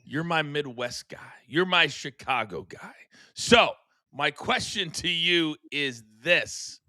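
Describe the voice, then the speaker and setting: Male sports talk host, playful and teasing, brightly toned and dry. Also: fairly high pitch, animated, takes it slowly, dry recording. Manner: playful, teasing, hands out segments.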